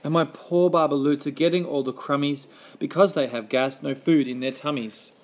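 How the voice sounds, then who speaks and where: A man's voice: on the high side, steady tone, moderate pace. A man doing a snappish scolding forest guardian. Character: grumpy small male forest guardian scolding.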